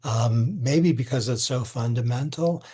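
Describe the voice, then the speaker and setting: An older man, a law professor, answering interview questions in a thoughtful, halting way, at times emotional. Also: mid-range voice, mellow, breathy edge.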